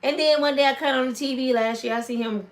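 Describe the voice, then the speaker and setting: A woman, telling celebrity gossip in a casual, animated storytelling way and acting out quoted lines in high voices. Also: fast. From Michigan, USA. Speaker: gossip vlogger.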